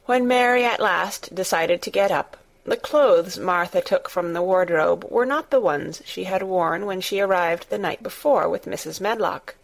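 A woman with a lowish voice narrates an audiobook of a classic novel, reading aloud in a measured, storytelling way.

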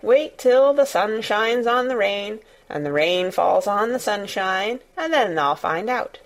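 A woman's voice: medium pitch, lively intonation, a little slow. A woman doing a grumbling old gardener. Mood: grudging. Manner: grunting, grumbling, curt. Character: grumbling old male gardener, gruff and cross.

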